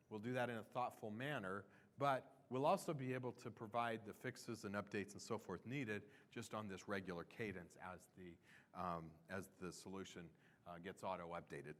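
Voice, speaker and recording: A man's voice: low-pitched, normal speed. A man presenting a product roadmap at a conference session, talking in a loose, conversational way with fillers and restarts. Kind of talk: conference talk.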